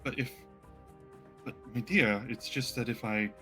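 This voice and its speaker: A man's voice: mid-range voice, measured pace, bright, forceful tone, faint music behind. A man voicing a courtly, affectionate injured husband in a tabletop game, speaking in a gallant way.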